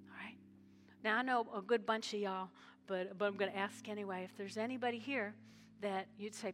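A woman's voice: medium pitch, steady tone, fairly quick. A woman pastor, giving a folksy altar call and leading the congregation in prayer. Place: church sanctuary. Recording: live church sanctuary with long reverb and soft music.

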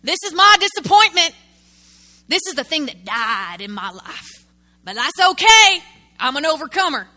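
A melodramatic, self-pitying moaner , put on by a woman preacher, whining in a voice pushed far higher than her usual and much louder. Every line is stretched and overdone. The tone is bright and sharp. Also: very animated, moderate pace, long reverb tail, heavily acted. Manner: melodramatic, whiny, drawn out. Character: self-pitying person moaning over a dead dream.

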